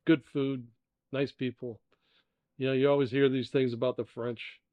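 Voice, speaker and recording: An older man from the United States chats on a podcast, wandering through travel stories with plenty of "you know" and "uh". His voice sits at a middle pitch. The recording is dry and a little dull. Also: little pitch movement, normal speed, dry recording. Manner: easygoing storyteller with fillers. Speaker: co-host, the father. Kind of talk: casual podcast chat. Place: indoor dining room.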